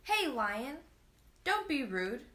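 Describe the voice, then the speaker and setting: A woman's voice: a little high, big pitch swings, a little slow, a bit bright, reverberant, exaggerated voice. A woman voicing a demanding, easily offended little boy in a storybook read-aloud, raised and huffy. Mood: scolding.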